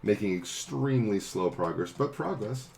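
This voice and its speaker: Low-voiced man running a tabletop game. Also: animated, moderate pace, vocal fry, slight background noise. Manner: laid-back, chuckling, bursts into shouted sound effects. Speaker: game master.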